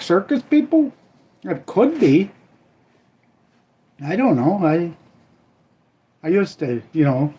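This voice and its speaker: Older Minnesota man, live-stream host, slightly high voice, folksy and rambling, cooking as he chats. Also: warm tone. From Minnesota, USA. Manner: rambling, folksy, trailing off with "I don't know"; cooking while he talks. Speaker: livestream host. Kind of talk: casual live-stream chat.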